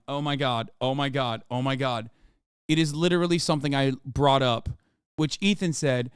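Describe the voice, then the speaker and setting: Male streamer, 30s, exasperated ranter who swears freely; smooth voice, dry close sound. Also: mid-range voice, moderate pace, dry recording. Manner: exasperated, ranting, swears a lot. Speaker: streamer reacting to a video. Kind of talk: casual livestream reaction.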